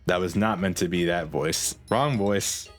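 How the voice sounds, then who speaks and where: A man's voice: low voice, measured pace, faint music behind. A man streaming a game, chatting in a rambling, playful way with many restarts. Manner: rambling, self-correcting, playful. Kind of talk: casual gameplay commentary.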